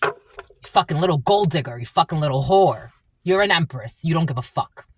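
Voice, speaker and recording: In an angry spiritual tarot reading, a woman with a low, husky, expressive voice talks briskly. She swears often and bluntly repeats herself, profane and unrelenting.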